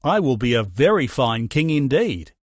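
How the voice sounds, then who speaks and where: A man's voice: mid-range voice, very animated, moderate pace, no room sound, clean studio sound. A man voicing a proud, boastful male eagle in a storybook reading, raising his voice to brag. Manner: bragging, raised voice.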